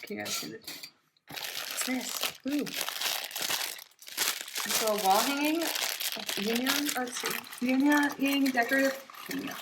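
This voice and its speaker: A woman's voice: a little high, a bit bright, a little hiss or hum, low-quality recording. A woman doing a casual unboxing vlog, bubbly and gushing, with frequent giggles, in a small room at home. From Florida. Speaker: unboxing vlogger.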